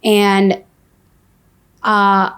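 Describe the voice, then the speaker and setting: Woman, podcast guest, mid-pitched, casual and candid storyteller with lots of "like.". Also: monotone, drawn-out words, a bit bright, smooth. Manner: candid, says "like" often.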